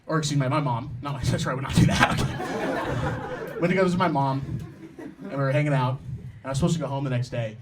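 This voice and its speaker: A man in his twenties doing a stand-up set on a comedy club stage, talking conversationally with deadpan asides and sudden loud, laughing outbursts. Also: medium pitch, fast talker, pauses often, background noise. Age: 20s. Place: comedy club stage before a live audience.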